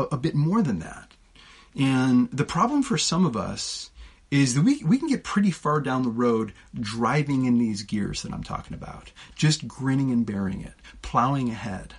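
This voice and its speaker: Gravelly, husky male preacher. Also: mid-range voice. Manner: conversational, with frequent restarts and filler words. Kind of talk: sermon with casual asides.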